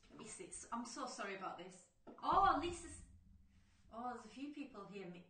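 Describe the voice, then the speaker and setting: A woman's voice: fairly high pitch, big pitch swings, fairly quick, slight background noise. A woman presenting a craft live stream, chatty and apologetic, laughing often as she greets viewers. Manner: loud by nature. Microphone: faulty livestream microphone. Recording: roomy, distant microphone.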